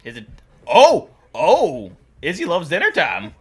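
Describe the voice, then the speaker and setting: A woman with a lower voice that swoops widely, unhurried as she comments on animal clips. She coos and exclaims at the pets and laughs often in her reaction-video commentary. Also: huge pitch swings.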